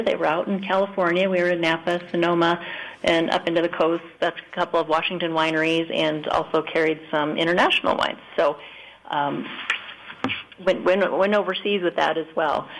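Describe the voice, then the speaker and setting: Earnest, low-voiced South Dakota woman guest. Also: fairly bright tone, rough recording. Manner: friendly, earnest, with many um fillers. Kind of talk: radio interview answers. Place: radio studio.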